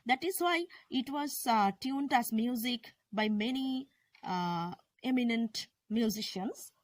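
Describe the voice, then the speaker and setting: A woman with a fairly high voice teaches a class, stopping and correcting herself as she explains a poem. The sound is close and dry. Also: slow pace, no echo. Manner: hesitant, with fillers and self-corrections.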